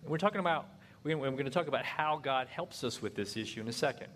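A man from giving a humorous marriage talk, telling stories and jumping into high voices for the people he quotes. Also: expressive, fast talker, a bit bright, slight background noise. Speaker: marriage seminar speaker. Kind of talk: humorous sermon-style talk with acted anecdotes.

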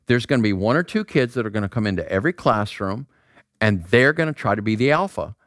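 Animated man preaching a casual sermon. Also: fairly low pitch, quick pace, no room sound, clean studio sound. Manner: animated, acts out voices, asks rhetorical questions. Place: outdoor square.

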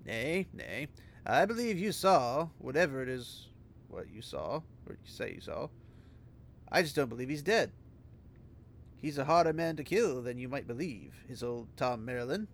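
Man voicing a dry, wary innkeeper for a book reading, slightly nasal, quiet, halting and evasive. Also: medium pitch, big pitch swings, creaky, slight background noise. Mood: doubtful. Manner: hesitant, cagey speech with fillers. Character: wary middle-aged male innkeeper, dry, guarded.

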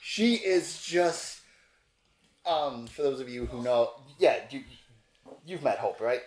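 A game master narrating a tabletop game in a rambling, halting way, full of fillers and restarts. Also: medium pitch, lively intonation, darkish tone. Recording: roomy echo with faint noise.

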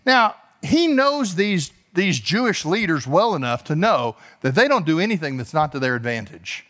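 A man's voice: big pitch swings, normal speed, fairly bright tone. A male pastor preaching an expository sermon, explaining the text verse by verse and voicing the figures in it. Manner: rises in pitch and force as he builds.

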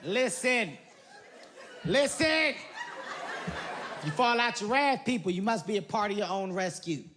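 Man doing a brisk female rafting guide. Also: high-pitched, lively intonation, a crowd in the background. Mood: matter-of-fact. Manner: brisk safety briefing, dry asides. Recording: live stage recording with audience noise.

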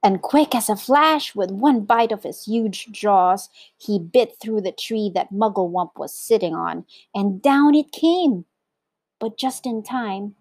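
A woman teacher reading a children's story aloud to her class, slow and expressive. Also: medium pitch, no echo.

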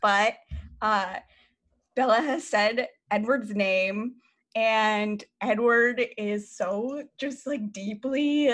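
A woman's voice: a little high, fairly bright tone. A woman gushing enthusiastically about a favorite book moment. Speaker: book club podcast co-host. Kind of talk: casual chat.

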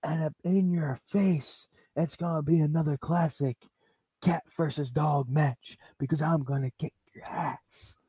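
A man's voice: a little high, steady tone, measured pace, warm tone, breathy edge, no room sound, studio quality, voice pushed up. A man voicing a cocky masked luchador who taunts his rival and trails off into a whispered chant. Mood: taunting.

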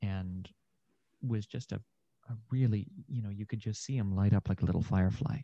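A man's voice: on the low side, normal speed, warm tone, dry recording, dull audio. A young man, an actor and podcast guest, talking through ideas in a thoughtful, meandering way with many fillers. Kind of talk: casual conversation.

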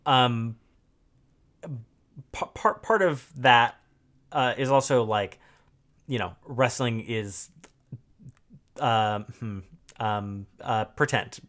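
A man co-hosting a casual podcast, talking through game lore with halting, filler-heavy speech. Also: mid-range voice, a bit bright. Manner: halting, many fillers, thinks aloud. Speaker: podcast co-host.

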